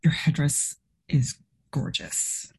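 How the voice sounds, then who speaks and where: A woman's voice: takes it slowly, natural voice. A woman playing a flamboyant artist obsessed with fashion, talking in a gushing, effusive way. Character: flamboyant fashion-loving artist with an eye for style.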